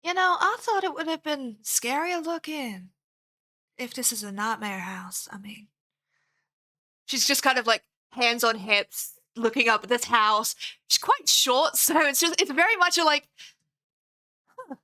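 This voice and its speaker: A woman describing her character during a tabletop game, chatty and quick to laugh. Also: sits high, expressive, sharp tone. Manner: giggly, chatty, laughs a lot. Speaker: player and channel host. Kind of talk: casual tabletop play.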